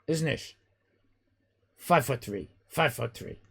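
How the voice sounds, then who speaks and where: Irish man, 50s, live-stream host, bright tense voice, big swoops in pitch, loud and joking. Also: expressive, measured pace, vocal fry, husky. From Ireland. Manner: loud, exclaiming, swears and jokes, rambling restarts. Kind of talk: casual live-stream chat, reacting to chat messages.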